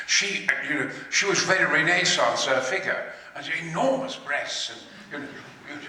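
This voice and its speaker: An older man tells stories on a convention stage in a booming, theatrical, sweary way. His voice is high and forceful. It echoes around a big hall, heard from a distance. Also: moderate pace. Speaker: actor on a convention panel. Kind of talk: anecdotal storytelling.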